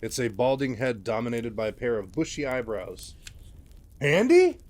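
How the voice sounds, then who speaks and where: A man's voice: medium pitch, a little fast, darkish tone. A man casually retelling a sci-fi game's story in a loose, chatty way with frequent fillers. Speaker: lore narrator. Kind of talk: casual retelling of game lore.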